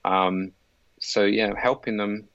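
A man's voice: lowish voice, fairly even intonation, takes it slowly, a bit bright, no room sound, dull audio. A middle-aged man, a leadership coach, explaining his approach in an earnest conversational way with frequent fillers. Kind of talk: conversational interview.

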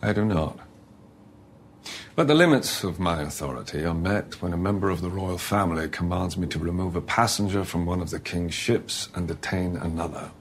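Film drama: an officious ship captain with a deep, measured voice. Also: male voice, a little hiss or hum. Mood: stern. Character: stern formal male ship captain.

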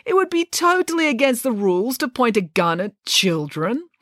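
A woman voicing a frumpy, apologetic older female professor in a storybook reading, with a lively, fussy delivery. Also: on the high side, normal speed, dry recording, studio quality, pitched above the performer's own voice.

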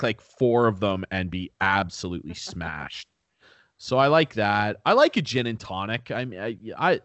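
A man's voice: on the low side, a bit bright, no room sound. A young man co-hosting a podcast, chatting casually with lots of "like" and "dude" and some swearing. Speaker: podcast co-host. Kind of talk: casual chat.

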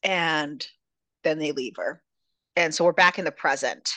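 On a dry recording, a woman hosting a podcast casually recaps a novel's plot and retells its scenes, swearing freely. Her voice sits low and is pushed and bright, with an unhurried delivery.

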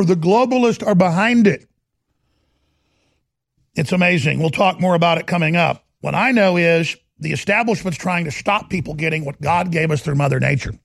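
A man hosting a talk show who rants with emphatic, urgent delivery and then reads a sales pitch. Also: gravelly, no echo, studio quality. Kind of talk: ranting talk show monologue and ad read.

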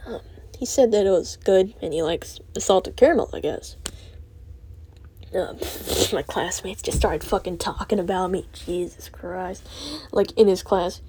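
A woman's voice: fairly low pitch, measured pace, dark tone, a little hiss or hum. A teenage girl rambling through a monologue with lots of filler words and swearing, putting herself down as she talks. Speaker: student vlogger.

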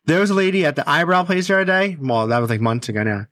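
A man co-hosting a casual podcast, telling stories in a blunt, animated way. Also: fairly high pitch, quick pace, dry recording, studio quality. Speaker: podcast co-host.

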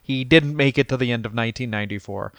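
A man co-hosting a comedy podcast, talking in an animated, profane way and laughing often. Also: medium pitch, quick pace, smooth, no echo. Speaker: podcast co-host. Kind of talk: casual comedic chat.

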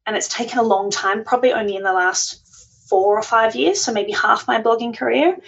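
A woman speaking as a guest in a relaxed interview, chatty and a little self-deprecating, with frequent laughs. Her voice sits at a middling pitch. The recording sounds somewhat dull and lo-fi. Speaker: podcast guest, food blogger. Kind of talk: conversational interview.

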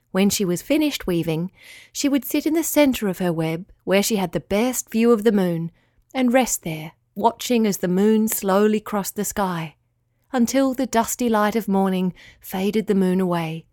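Soft-spoken woman reading a bedtime story. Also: medium pitch, expressive, measured pace, no echo, studio quality.

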